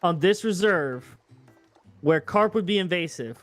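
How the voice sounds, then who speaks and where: A man's voice: sits high, expressive, unhurried, soft background music. A man playing a game with friends in casual chat, teasing them in a dry, sarcastic way. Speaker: co-player in an online game.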